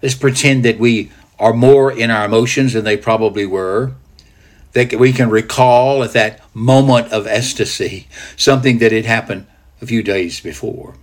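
A man preaching a sermon, drawing listeners into a scene he narrates as "you", moving from loud declarations to hushed tones. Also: mid-range voice, normal speed. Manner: dramatic guided storytelling, swinging from loud to hushed.

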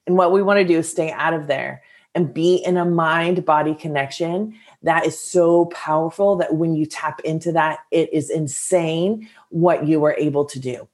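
A woman's voice: sits low, steady tone, normal speed, a little mellow. A woman coach giving a casual, earnest motivational talk to her listeners, encouraging and full of filler words.

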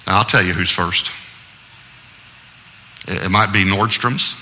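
A man preaching a sermon as pastor, emphatic and conversational, with humor and deliberate pauses. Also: sits low, fairly even intonation, pushed and bright, in a large hall, a little hiss or hum.

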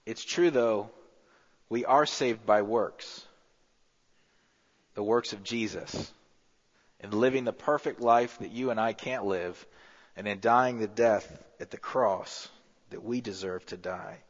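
A man preaching a sermon as pastor, rising to emphatic peaks and dropping to a hushed low voice. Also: takes it slowly, long pauses. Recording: muffled with long hall reverb.

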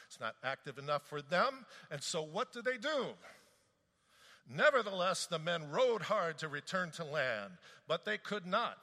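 A man preaching a sermon in an animated, conversational way, reading scripture aloud and commenting on it. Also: on the high side. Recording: long reverb of a large hall.

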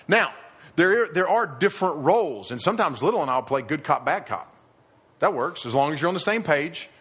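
A middle-aged man preaching a sermon to a live audience, animated and acting out quoted voices, growing emphatic. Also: fairly high pitch, moderate pace, husky. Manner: animated, rising to emphatic near shouting at the end. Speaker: pastor. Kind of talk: sermon on parenting.

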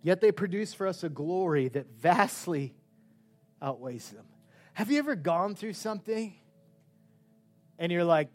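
A man preaching a sermon with passion, swinging between loud outbursts and hushed, quiet stretches. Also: sits high, big pitch swings, unhurried, pauses often, soft background music. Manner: impassioned, swinging from shouts to hushed tones.

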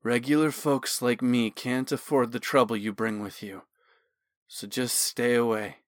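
A man's voice: medium pitch, steady tone, a little slow, dry recording, studio quality, lightly acted. A man playing a slurring, bitter drunk worker. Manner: slurred, resentful.

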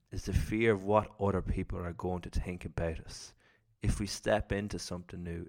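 Deep gravelly man sharing personal reflections. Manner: earnest, storytelling with acted inner thoughts. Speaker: self-development speaker.

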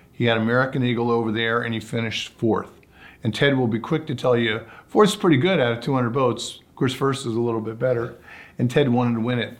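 A man tells long stories about ocean racing as an interview guest. His delivery is relaxed and anecdotal, and his voice sits at a mid pitch. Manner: relaxed anecdotal storytelling, acts out quotes. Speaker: guest, sailor and sailing commentator. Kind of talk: storytelling in a podcast interview.

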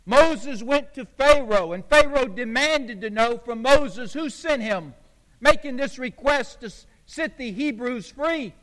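A man from the United States preaching a sermon as pastor, emphatic and deliberate with a preacher's cadence. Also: very high-pitched, expressive, a bit bright. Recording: long hall reverb.

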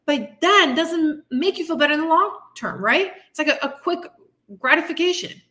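High bright-voiced woman, blunt and swearing. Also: expressive, moderate pace. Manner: blunt, frequent swearing, tough-love pep talk; frustrated, venting. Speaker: fitness coach and podcast host. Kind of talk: candid motivational monologue.

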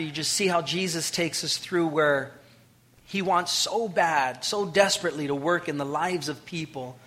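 Man preaching a sermon, bright forceful tone, fairly high voice, swings loud to hushed. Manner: acts out quoted voices. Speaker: pastor.

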